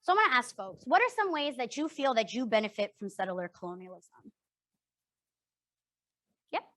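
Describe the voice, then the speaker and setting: A woman's voice: fairly high pitch, sing-song, normal speed, bright, forceful tone, no room sound. Earnest young woman leading a workshop. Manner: earnest, emphatic, often checks in with "right?". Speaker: workshop facilitator. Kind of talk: interactive workshop talk.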